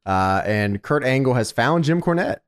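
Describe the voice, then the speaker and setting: A man's voice: mid-range voice, expressive, normal speed. A man co-hosting a casual podcast, steadily narrating a wrestling recap with filler sounds and chuckles. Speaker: podcast co-host.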